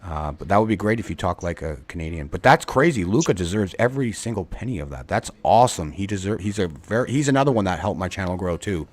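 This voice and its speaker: A man hosting a casual sports talk live stream, enthusiastic and halting, with lots of fillers. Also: low voice, expressive. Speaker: host.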